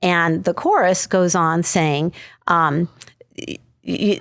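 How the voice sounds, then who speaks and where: Low-voiced middle-aged mother recounting. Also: animated, slow, a bit bright, no echo, clean studio sound. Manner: conversational, many "you know" fillers. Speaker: podcast guest, mother. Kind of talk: personal storytelling.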